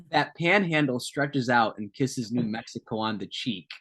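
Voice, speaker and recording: A man's voice: mid-range voice, very animated, takes it slowly, a bit bright, husky. A man co-hosting a casual podcast, reading notes aloud with joking asides and tangents. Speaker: podcast co-host.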